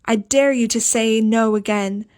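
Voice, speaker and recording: A woman voicing a hysterical young woman in an audiobook, strident and accusing, her voice raised and shrill. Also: steady tone, measured pace, a little mellow, natural voice. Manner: accusing, frantic.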